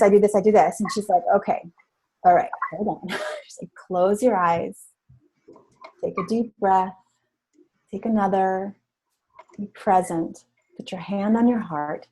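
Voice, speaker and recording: A woman's voice: mid-range voice, a little mellow, poor audio. A woman speaker trainer telling a story and teaching breath work in an earnest, casual way.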